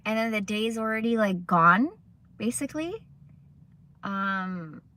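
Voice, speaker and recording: A young woman with a bright, forward voice chats loosely on a livestream. She rambles from one story to the next and swears freely. Her tone stays casual and offhand throughout. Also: mid-range voice, animated, unhurried. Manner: rambling, profane, chatty storytelling. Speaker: livestream host.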